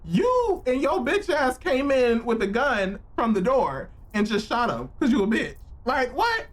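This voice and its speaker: A man streaming a game live, reacting with loud, profane exclamations and joking with his chat in slang. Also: very high voice, very animated, unhurried. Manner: slangy, playful banter with chat. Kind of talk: live gameplay reaction commentary.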